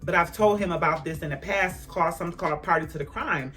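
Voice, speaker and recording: A woman vlogger telling a personal story in a casual storytime, emphatic and animated, talking straight to her viewers. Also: on the low side, fast, soft background music.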